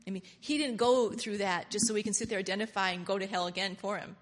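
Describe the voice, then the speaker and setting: Woman preacher, sermon; emphatic and animated, with repetition and laughter. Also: mid-range voice, fast, long reverb tail.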